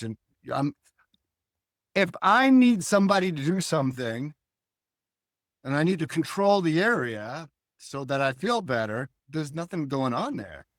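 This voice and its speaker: An older man and guest cartoonist, talking in a reflective, philosophical way and telling animated stories in a relaxed interview. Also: a little high, measured pace, no room sound, studio quality. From Hull, Massachusetts.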